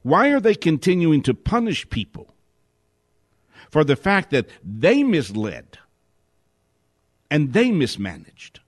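A man giving a spoken commentary monologue, indignant, asking question after question and dropping to a hushed whisper for emphasis. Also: on the high side, wildly swooping pitch, no room sound, studio quality. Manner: indignant, rapid rhetorical questions. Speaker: host.

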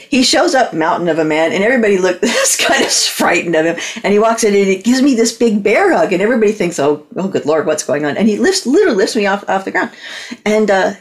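Lively woman telling an animated story. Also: medium pitch. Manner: lively, acts out voices in her story. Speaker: guest storyteller. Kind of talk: animated anecdote on a talk show.

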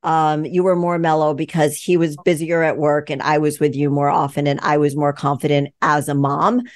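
This is a woman in her sixties with a notably low voice. She chats casually and reassuringly, laughing often. The sound is close and dry. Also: little pitch movement, normal speed, no room sound. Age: 60s. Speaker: podcast host. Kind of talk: casual chat.

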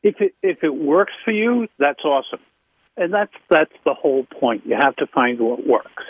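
Public speaking coach guy, emphatic, husky, tinny phone-line sound, dry. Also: normal speed, no room sound. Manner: emphatic, animated pitch jumps. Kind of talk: interview talk.

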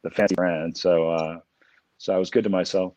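A man answering as an interview guest, relaxed and full of fillers. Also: sits low, normal speed, dry recording. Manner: relaxed, many fillers, laughs easily. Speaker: guest entrepreneur. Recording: dull video-call audio.

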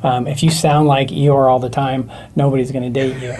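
A man appearing as a guest expert, explaining communication in a loose, animated way with many fillers. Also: medium pitch, moderate pace, a little hiss or hum. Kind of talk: casual chat.

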